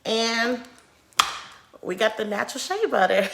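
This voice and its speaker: A woman's voice: medium pitch, normal speed, noisy background. A woman who runs a small business tells how she started it, in a chatty way and acting out things she once said. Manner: chatty, acts out her own past remarks. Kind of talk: casual vlog storytelling.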